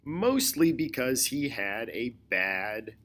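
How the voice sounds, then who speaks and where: A male history teacher giving a recorded lecture, explaining slowly and deliberately, often repeating his key points. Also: medium pitch, big pitch swings, fairly bright tone. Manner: slow, deliberate explaining with repetition.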